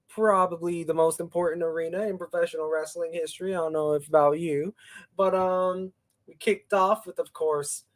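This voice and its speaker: An excitable young man co-hosts a casual podcast, his voice sitting a little high. He leaps up in pitch when he retells big moments, then drops back to easy chat. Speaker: co-host.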